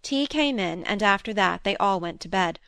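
A woman reading a classic novel aloud as audiobook narrator, in a measured storytelling voice. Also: mid-range voice, lively intonation, vocal fry, a bit bright, smooth, dry recording. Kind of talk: scripted narration.

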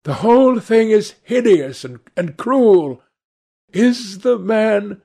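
A sensitive young gentleman, high-strung and pleading, as a male reader puts him on. His voice rises well above the narrator's own and pushes louder. A storybook figure read aloud. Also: animated, measured pace. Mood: bitter, shaken.

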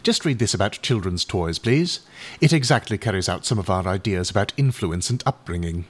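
A man reading aloud and voicing a brisk, insistent, well-meaning Edwardian mother who lectures her brother firmly. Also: fairly low pitch, animated, husky. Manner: bossy, firm, lecturing.

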